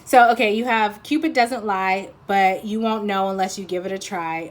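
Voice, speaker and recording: A woman's voice: medium pitch, a little slow, few pauses. A woman giving a casual pick-a-card tarot reading, rambling and teasing, often breaking into laughter.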